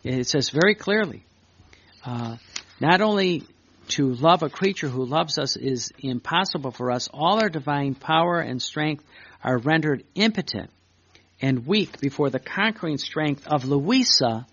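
A man's voice: a little high, lively intonation, a bit bright, slightly rough. A man preaching, reading a devotional text aloud and breaking off for earnest asides to his listeners. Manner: pauses to add earnest asides between readings. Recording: dry, dull lo-fi recording.

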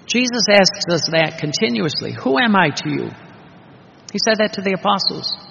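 A man's voice: high voice, animated, normal speed, creaky, bright, forceful tone. A man preaching a sermon, emphatic and full of rhetorical questions. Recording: dull reverberant hall recording.

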